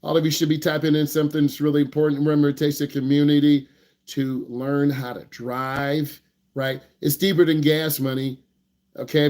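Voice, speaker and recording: A man teaching driving on a live online Q&A, lively and joking, acting out parents as he talks. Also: on the high side. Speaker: driving instructor.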